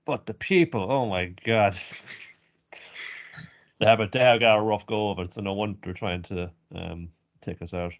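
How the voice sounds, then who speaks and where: A man's voice: lowish voice, normal speed, dull audio. A man co-hosting an anime podcast, joking and laughing in casual chat. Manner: jokey, laughing, playful. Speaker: podcast co-host.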